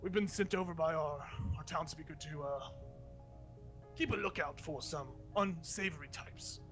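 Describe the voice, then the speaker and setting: Bossy beefy guard with a mustache, a man puts him on: brusque, cursing, bright-toned. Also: on the high side, moderate pace, faint music behind, natural voice. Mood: brusque orders. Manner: brusque, swears casually.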